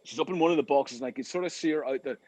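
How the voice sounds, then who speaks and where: A man telling tour stories in a casual interview over a call, animated, often repeating words as he gets going. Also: fairly high pitch, rapid-fire, no echo. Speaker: interview guest, rock singer.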